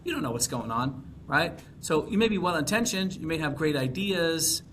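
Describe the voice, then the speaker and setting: A man's voice: on the high side, animated, moderate pace, a bit bright, a little hiss or hum. A man from Texas, a congressional candidate, talking in a casual podcast conversation, rambling with frequent fillers and restarts.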